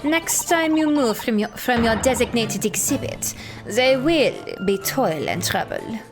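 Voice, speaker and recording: A woman voicing a mysterious young French woman who owns a museum, with a put-on French accent and a slow, theatrical manner. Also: a little high, lively intonation. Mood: stern. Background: video game music.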